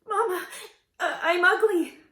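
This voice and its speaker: A woman's voice: extremely high pitch, expressive, normal speed, a bit bright, reverberant, pitched above the performer's own voice. A woman voicing a sweet young princess, earnest and often tearful. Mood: distraught.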